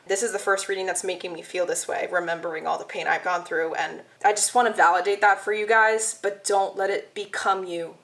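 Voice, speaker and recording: A woman's voice: medium pitch, fairly bright tone. A young woman giving a pick-a-card tarot reading, talking to viewers in an emotional, heartfelt way. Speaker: tarot reader.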